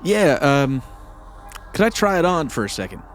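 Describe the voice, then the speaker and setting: A man's voice: fairly high pitch, big pitch swings, moderate pace, soft background music. A man role-playing a character at a tabletop game, rambling and hesitant with lots of ums and restarts. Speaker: player.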